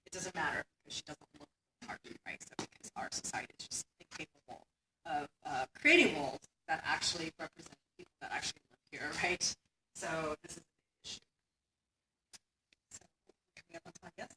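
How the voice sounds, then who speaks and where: A female academic gives a conference keynote in a lecture hall, keeping it conversational and capping her points with "right?" Her low, sing-song voice moves a little fast. The mic is distant, the hall echoes, and there's a faint hiss.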